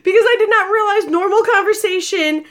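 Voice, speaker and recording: A woman in her forties telling a story on a live video, animated and laughing, with loud exclamations. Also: very high voice, brisk. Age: 40s. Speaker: vlogger.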